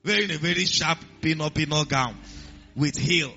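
A man preaching a sermon in an emphatic, lively way, with repeated refrains. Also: a little high, normal speed, vocal fry. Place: church. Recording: muffled recording with music behind.

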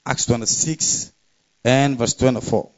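A man's voice: medium pitch, fairly even intonation, unhurried. Emphatic preacher man, muffled sound. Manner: emphatic, conversational preaching with frequent laughs and scripture readings. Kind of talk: sermon.

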